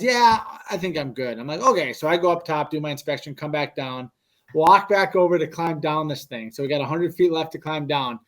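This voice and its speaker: Animated man telling a story. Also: on the high side. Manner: animated, acts out quotes in a raised voice. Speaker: podcast co-host. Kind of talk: casual storytelling among friends.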